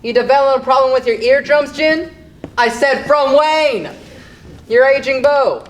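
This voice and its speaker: A high-voiced fibber with a teasing, sly way of talking, played by a young man on stage. His voice sits well above the usual male range, and he swings between playful needling and hushed, faraway storytelling. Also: unhurried. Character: young man Neil, a scheming, dreamy fibber. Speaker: stage actor. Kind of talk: live stage play acting.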